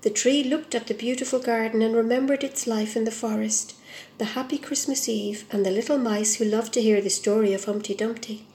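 Woman gently reading a storybook. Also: fairly high pitch, steady tone, fairly quick, roomy sound, slight background noise.

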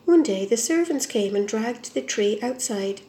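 A woman narrating a fairy tale with a slightly raised, gentle voice. She reads at a measured pace, in a calm storybook manner. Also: fairly high pitch, roomy sound. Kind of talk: storybook reading.

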